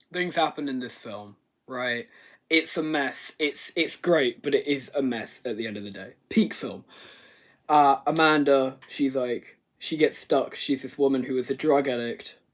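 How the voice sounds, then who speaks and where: A man giving a rambling, comedic movie review rant, swearing and exaggerating. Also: fairly high pitch. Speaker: video reviewer.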